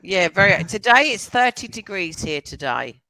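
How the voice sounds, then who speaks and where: A woman's voice: medium pitch, very animated, normal speed, sharp tone, dry recording, poor audio. A woman with a London accent chatting as an online English tutor, asking lots of questions over a video call. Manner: chatty and encouraging, asks many questions. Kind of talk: casual conversation lesson.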